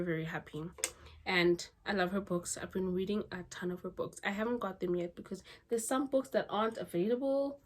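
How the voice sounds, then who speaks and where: A woman talks straight to her camera in a casual home vlog, chatty and ranting, full of asides. Her voice sits at an ordinary pitch for a woman. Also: a bit bright. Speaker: book vlogger. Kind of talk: casual chat.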